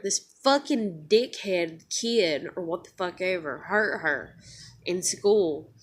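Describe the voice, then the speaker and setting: A woman venting in a casual vlog, swearing heavily and swinging between hushed hurt and loud anger. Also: on the low side. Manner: heated, profane venting; emotional, wavers between quiet and loud. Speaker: vlogger.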